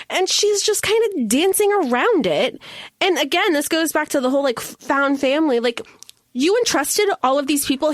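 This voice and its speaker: A woman co-hosting a podcast in casual chat, animated and swearing, acting out characters' lines as she argues. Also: high voice, dry recording, studio quality. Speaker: podcast co-host.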